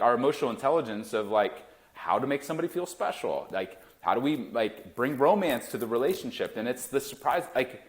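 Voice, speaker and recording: An emphatic middle-aged man speaks in a business interview with a lively, swinging pitch. He punches his key words and slips into quick acted-out quotes. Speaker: guest, gifting company founder. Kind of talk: animated business interview talk.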